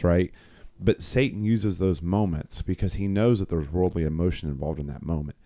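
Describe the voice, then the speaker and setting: A middle-aged man co-hosting a podcast tells a rambling story about faith, full of fillers and restarts, in casual conversation. His voice is low and dark, moving at normal speed with hardly any pauses.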